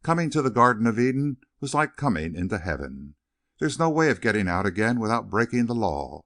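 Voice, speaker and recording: A man voicing a wistful old servant with a soft drawl. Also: fairly low pitch, very animated, fairly quick. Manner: soft Southern drawl, musing. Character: elderly male servant, gentle and wistful. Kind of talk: audiobook character reading.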